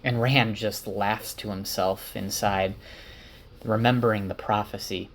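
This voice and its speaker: A man's voice: lowish voice, steady tone, a little slow, a little hiss or hum. A man casually retelling a book's chapters for his wife, chatty and loose with many fillers. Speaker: book summarizer. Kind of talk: casual story recap.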